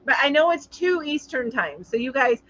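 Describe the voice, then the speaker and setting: A woman hosts a casual live-stream chat and reads viewer comments aloud. She sounds chatty and sympathetic and often stops on fillers, and her voice sits somewhat high. The audio is dull and lo-fi. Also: very animated, fairly bright tone. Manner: chatty, sympathetic, halting with many ums. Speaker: live show host.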